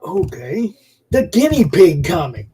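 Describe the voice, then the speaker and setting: Husky, higher-voiced man chatting offhand. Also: sing-song, unhurried, warm tone, poor audio. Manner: rambling, offhand, swears casually. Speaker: co-host. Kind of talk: casual livestream chat.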